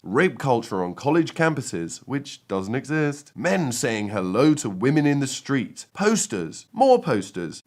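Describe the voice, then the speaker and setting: Man, scripted commentary, sneering rant, lively swooping pitch. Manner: contemptuous, mocking rant. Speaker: video commentator.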